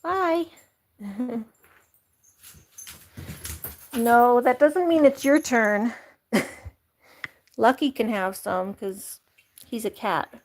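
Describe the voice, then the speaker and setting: A woman's voice: on the high side, drawn-out words, long pauses. Giggly woman cooing at her pets. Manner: giggly, coos at pets, chatty. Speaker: vlogger caring for farm animals. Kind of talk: casual chat to camera and animals.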